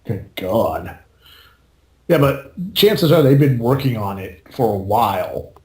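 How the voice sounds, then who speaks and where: In a casual podcast chat, a male co-host rambles along, swearing freely and laughing often. His mid-range voice is sing-song and slightly dark, and he takes his time. The recording has a roomy echo.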